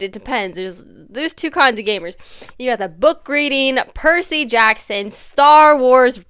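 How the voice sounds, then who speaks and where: A young woman chatting casually on her vlog, swinging from hushed asides to dramatic near-yelling. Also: a little high, clean tone, no echo, studio quality. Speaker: vlogger. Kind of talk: casual chat.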